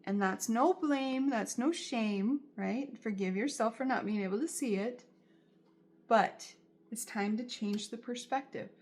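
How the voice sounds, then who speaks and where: A woman's voice: on the high side, measured pace, a little mellow. A woman giving a tarot reading straight to her viewers, in a soothing, reassuring way and often repeating her phrases. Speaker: tarot reader.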